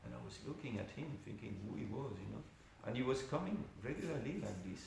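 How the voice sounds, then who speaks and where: A man's voice: medium pitch, expressive, fast talker, vocal fry, a little mellow. A man giving an informal class at a temple, telling a story conversationally with many asides. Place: temple hall. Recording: very echoey room with faint hiss.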